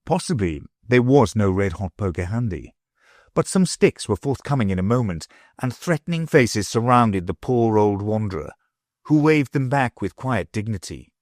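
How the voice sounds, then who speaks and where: A man narrating a classic storybook aloud, with expressive delivery. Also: fairly low pitch, moderate pace, no room sound, studio quality. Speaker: audiobook narrator. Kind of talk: scripted narration.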